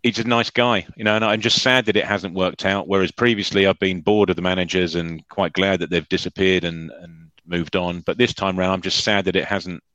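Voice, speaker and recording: A man's voice: deep voice, steady tone, fairly quick, few pauses, fairly bright tone, no room sound, lo-fi sound. A man giving his thoughtful, rambling views as a guest on a football chat show. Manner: thoughtful, rambling, mildly swears.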